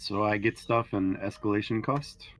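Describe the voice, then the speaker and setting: A man running a tabletop game as game master, talking in a relaxed, halting way with fillers. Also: lowish voice. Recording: muffled lo-fi recording.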